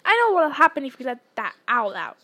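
Bullying uncle who roars, storybook villain, voiced by a woman reader, high-pitched reading voice. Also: big pitch swings, fairly quick, bright, forceful tone, husky, heavily acted. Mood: snarling. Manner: roaring, furious. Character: blustering bullying middle-aged uncle.

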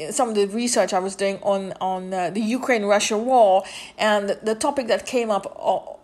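A woman hosting a podcast, rambling in a casual monologue with many fillers and restarts, turning indignant at times. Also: medium pitch. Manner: indignant commentary. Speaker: podcast host.

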